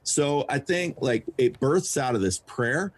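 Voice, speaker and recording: A man's voice: mid-range voice, animated, measured pace. Emphatic preaching man on a podcast. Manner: emphatic, preachy, builds rhythm with repeated phrases. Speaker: pastor and traveling preacher. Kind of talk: podcast conversation.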